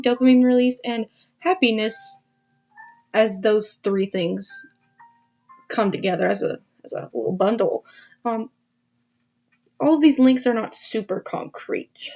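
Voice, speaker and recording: Casual woman host explaining slides, rambling asides, dull muffled recording, slightly high voice. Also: gravelly, darkish tone. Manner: rambling, self-aware, swearing asides. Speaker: video essay host. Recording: dull lo-fi audio.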